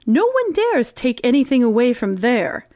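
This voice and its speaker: A woman voicing a greedy, sly cat in a read-aloud storybook, speaking coolly and smoothly. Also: big pitch swings, normal speed, a little mellow, dry recording, clean studio sound. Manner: low, cool and smooth-talking. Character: greedy, sly she-cat, cool and scheming.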